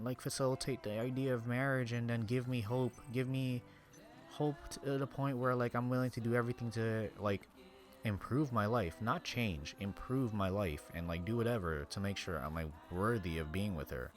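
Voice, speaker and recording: A man's voice: medium pitch, moderate pace, faint music behind. A man live-streaming a game, venting angrily with heavy swearing and sometimes dropping to a tired whisper.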